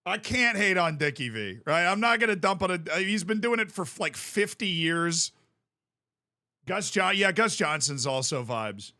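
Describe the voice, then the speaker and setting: A man chatting casually on a live stream, telling stories in an animated way and laughing often. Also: sits high, normal speed, no room sound, clean studio sound.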